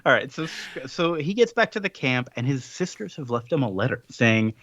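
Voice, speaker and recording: A man co-hosts a relaxed podcast, walking through a comic's plot. He slips into quick voices for each character. His voice sits mid-range on a dry, slightly dull recording. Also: medium pitch, dry recording. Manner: animated retelling with quick put-on character voices. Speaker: podcast co-host. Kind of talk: casual chat recapping a comic.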